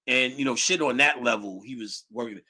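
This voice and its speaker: A middle-aged man telling casual stories in a lively, profane, slangy way, laughing often. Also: medium pitch, a little fast. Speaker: guest storyteller. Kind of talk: casual storytelling.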